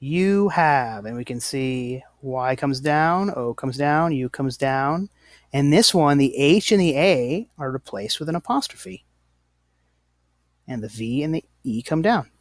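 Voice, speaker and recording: A man of medium pitch gives a classroom explanation in an expressive, unhurried way, captured in a dry recording. Patient and apologetic, he keeps going back to correct himself as he teaches slowly and deliberately.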